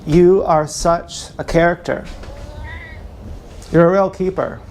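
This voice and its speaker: A man's voice: on the high side, steady tone, takes it slowly, a little mellow, slight background noise. A man livestreaming from an action camera, rambling off the cuff in a playful, joking way. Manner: stream-of-consciousness, joking, playful. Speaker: livestreaming vlogger. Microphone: action camera mic.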